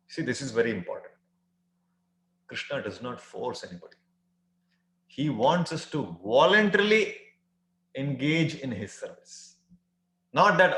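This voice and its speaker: A man's voice: medium pitch, big pitch swings, pushed and bright. Man giving a scripture talk, echoey room. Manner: dramatizes quoted voices, pauses with fillers. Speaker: spiritual teacher. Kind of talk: scripture lecture.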